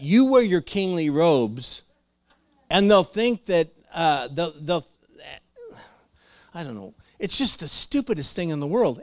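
A pastor with a fairly high voice preaches a conversational sermon in clean studio sound with no echo. He retells Bible stories, adding playful asides and laughs.

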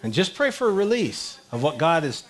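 A man's voice: fairly high pitch, big pitch swings, brisk. A man leading a congregation in prayer, directing people and calling out encouragement. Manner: direct, encouraging, calls out to the room. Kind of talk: leading a church prayer time. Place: church service before a congregation.

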